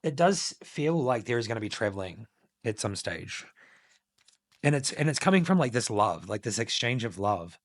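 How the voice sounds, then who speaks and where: A man's voice: mid-range voice, sing-song, moderate pace, dry recording, clean studio sound. A man giving a casual collective tarot reading to his channel viewers, musing loosely with many filler words. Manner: meandering, many filler likes, intuitive musing. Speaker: tarot reader.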